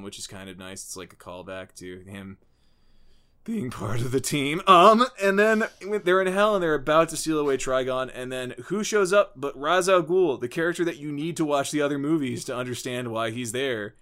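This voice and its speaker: A man casually recapping a movie with a co-host, animated and profane, often laughing and jumping up in pitch when excited. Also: smooth. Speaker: podcast co-host.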